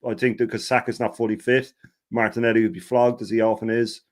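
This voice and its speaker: A man's voice: medium pitch, little pitch movement, fast talker. A man co-hosting a casual football chat, blunt and agreeable, swearing casually. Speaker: co-host.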